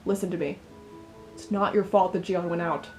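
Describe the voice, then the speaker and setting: A stern, protective young man from a story game speaks low and firm, as a woman reads him in a lowered voice. He talks steadily and plainly, calm but serious. A faint music bed sits behind the voice. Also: normal speed, natural voice, poor audio. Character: stern caring young man, love interest.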